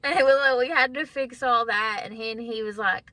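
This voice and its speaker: Here a woman in her thirties, a vlogger, shares a personal story with her audience, chatty and candid, frequently laughing and addressing them as "guys." She talks briskly in a high-ish, pushed, bright voice, with no echo.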